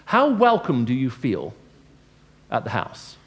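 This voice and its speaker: A Christian man with a mid-range voice talks slowly but with huge pitch swings. His evangelistic lecture to a live audience is conversational, full of questions for listeners, and he acts out dialogue by changing his tone.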